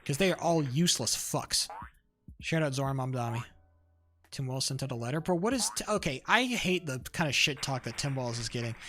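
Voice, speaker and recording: A man's voice: medium pitch, lively intonation, a little fast, a bit bright. A young man streamer ranting in casual chat, heated and rambling, full of fillers, restarts and swearing. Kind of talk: casual livestream rant. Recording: faint music behind.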